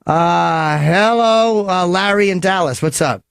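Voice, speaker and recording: A man hosting a radio show and taking calls speaks in a high, creaky yet smooth voice that's a bit bright, taking it slowly with no echo on the studio microphone. His talk is rambling and crude, constantly breaking off and starting over.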